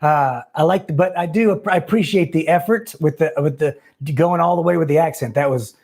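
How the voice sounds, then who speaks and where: A man's voice: on the high side, fairly quick, gravelly, a little mellow. A man hosting a live call-in show, loose and rambling, laughing easily with callers. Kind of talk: casual chat.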